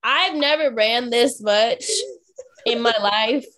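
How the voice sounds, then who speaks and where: A high-pitched woman co-host tells a story in casual chat. She is animated and puts on quick voices for the people in it. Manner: animated, acts out quotes from others. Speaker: podcast co-host.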